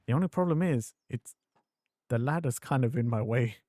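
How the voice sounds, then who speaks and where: Excitable male gaming streamer, dry sound. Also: medium pitch, moderate pace, no echo. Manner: excitable, swears, bursts into exclamations. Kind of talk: gameplay commentary.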